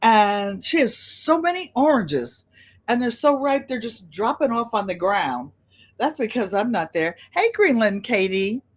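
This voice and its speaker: A woman's voice: on the high side, big pitch swings, a little slow. Older woman, rambling livestream chat, greets viewers by name, friendly talkative host. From United States.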